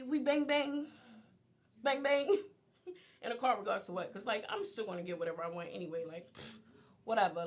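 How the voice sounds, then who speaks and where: A young woman telling a candid, profane story to camera in a storytime vlog, often laughing as she talks. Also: on the high side.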